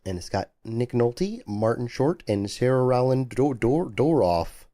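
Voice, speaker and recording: A man's voice: mid-range voice, expressive, measured pace, warm tone. A young man co-hosting a podcast in casual, joking chat. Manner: joking, laid-back, trails off and restarts. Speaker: podcast co-host.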